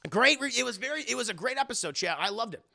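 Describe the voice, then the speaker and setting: A man's voice: very high voice, lively intonation, fast talker, gravelly, bright, forceful tone. A man giving casual, profane live-stream commentary, recapping a cartoon episode and often talking to his chat. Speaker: streamer reviewing an animated show.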